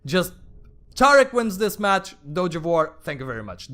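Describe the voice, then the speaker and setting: A man's voice: a little high, very animated, moderate pace, pushed and bright. A man casting a game tournament with chatty play-by-play, wandering into playful asides and exclamations. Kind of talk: live play-by-play commentary.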